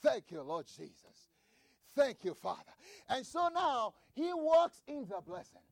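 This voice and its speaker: A man preaching a sermon, reading scripture and repeating key phrases with shouted emphasis. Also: extremely high pitch, very animated, a little slow, creaky, no room sound.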